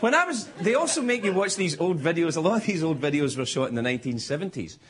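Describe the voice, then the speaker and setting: Very animated and quick, his voice a little high and a bit bright, a middle-aged late-night host runs through a stand-up monologue in a TV studio. He rambles, breaks into his own lines and laughs at his jokes while the live crowd's laughter fills the noisy audio.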